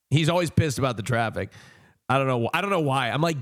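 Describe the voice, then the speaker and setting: A young man streaming, telling a rambling casual story with sudden high joking outbursts. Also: expressive, fast talker.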